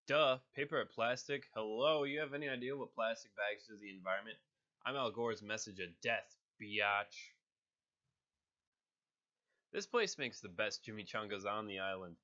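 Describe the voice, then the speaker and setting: A man voicing a wisecracking, goofy mercenary in a loud, jokey voice, sounding nasal from a cold. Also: fairly low pitch, normal speed, highs cut off. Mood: mocking. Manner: loud, jokey, sing-song. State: sick, slightly nasal.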